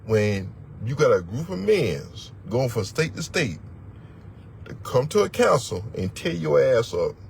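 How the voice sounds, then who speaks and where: A man's voice: fairly high pitch, creaky, slight background noise. A man teaching as a religious elder, preaching in a blunt, profane, emphatic way and repeating words for force. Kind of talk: fiery sermon-style teaching.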